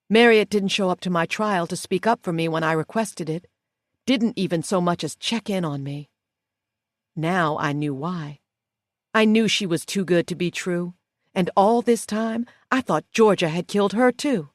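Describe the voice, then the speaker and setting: Woman narrator, audiobook, slow measured reading, low-ish voice, dry close sound. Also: no room sound. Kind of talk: first-person audiobook narration.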